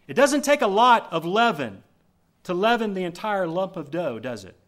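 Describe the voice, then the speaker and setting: A man preaching a sermon as pastor, telling a story with animated swings between loud emphasis and hushed asides. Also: high voice, moderate pace.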